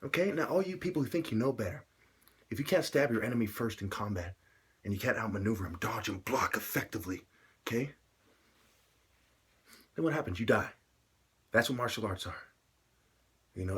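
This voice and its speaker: A man ranting alone to camera, full of "you know"s, swinging from a low mutter to loud shouts. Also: husky. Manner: filler-heavy, many "you know"s. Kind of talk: solo rant to camera.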